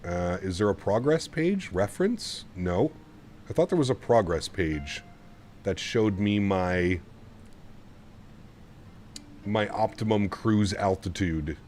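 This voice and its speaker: A low-pitched man streaming from his home sim setup, talking loosely to chat between cockpit tasks. He rambles and trails off, with faint ambient noise behind his voice. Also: animated, slow, long pauses, a little mellow. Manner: chatty, rambling, laughs often. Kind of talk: casual live-stream chat.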